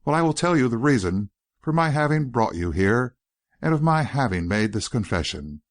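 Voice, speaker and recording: A man reading an audiobook voices an earnest, courteous young gentleman who pleads politely and persistently. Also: medium pitch, big pitch swings, moderate pace, natural voice.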